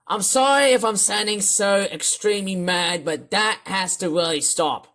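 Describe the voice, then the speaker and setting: A YouTuber ranting and complaining in a vlog, throwing out insults, with a voice strained from yelling. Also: mid-range voice, moderate pace.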